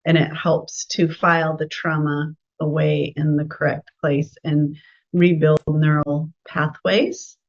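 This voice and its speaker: A woman's voice: deep voice, flat delivery, slow pace. Chatty Californian woman, muffled sound. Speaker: art therapist guest. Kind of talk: interview answers, explanatory.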